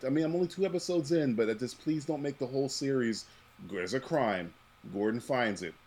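A man's voice: medium pitch, brisk, slightly rough. A man hosting a podcast, talking casually and profanely, with frequent laughter. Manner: animated, profane, laughs often. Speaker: podcast host. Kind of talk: casual chat.

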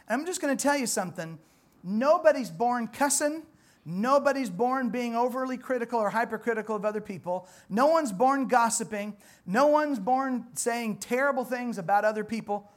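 A man preaching a sermon, emphatic, with rhetorical questions and repeated phrases. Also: sits high.

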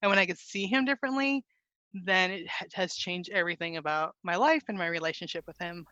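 A woman guest speaking earnestly and warmly about her faith in a casual podcast chat, often saying "like". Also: lowish voice, fairly quick, no echo, dull audio. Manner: earnest, heartfelt, says "like" often. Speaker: guest author.

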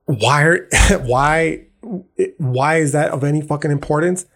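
A man's voice: a little high, a little slow, vocal fry, a bit bright. A young adult man hosting a podcast, talking in a blunt, profane monologue full of street slang. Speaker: podcast host. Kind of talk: casual monologue.

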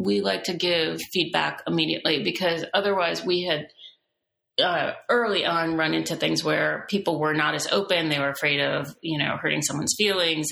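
A woman's voice: lowish voice, vocal fry, echoey room. A middle-aged woman, a company CEO, talking animatedly in a business interview and restarting her sentences often. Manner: animated, frequent restarts, laughs between points.

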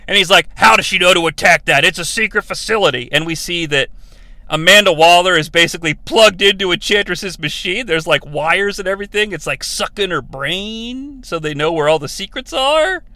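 Animated, high-voiced sarcastic man. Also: no echo. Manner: sarcastic, profane, animated retelling. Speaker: podcast host. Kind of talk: comedic movie recap.

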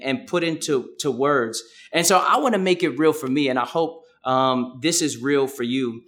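Earnest young man preaching a sermon. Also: a little high. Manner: earnest, conversational, with casual asides. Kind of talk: sermon with scripture reading.

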